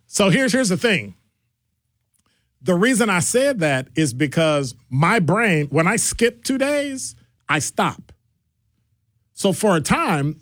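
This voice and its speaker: Animated middle-aged male radio host. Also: no room sound, studio quality. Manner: animated, jokey, shifts pitch for quoted voices. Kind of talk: call-in radio talk.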